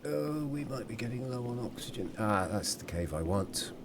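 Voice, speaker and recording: A man's voice: mid-range voice, animated, normal speed, noisy background. A man giving chatty, casual commentary over his own gameplay, at times apologising and humming to himself.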